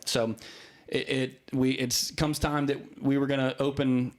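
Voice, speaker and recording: A man's voice: mid-range voice, measured pace. Man, podcast guest, casual storytelling, lots of restarts, acts out quoted voices. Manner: animated storyteller with many restarts. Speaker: guest, real estate broker.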